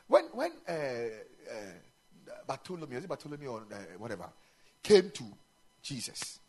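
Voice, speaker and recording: A man preaching a sermon in a chapel, animated and emphatic, mixing in local-language phrases. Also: on the high side, breathy edge. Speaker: pastor.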